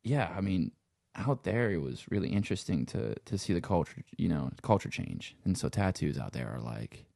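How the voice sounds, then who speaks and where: A man's voice: low-pitched, sing-song, normal speed, creaky, a little mellow, dry recording, studio quality. A man from Louisiana with a Cajun accent, chatting casually as a guest and peppering his talk with swearing and "you know". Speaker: guest, sound engineer and musician. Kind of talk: casual interview chat.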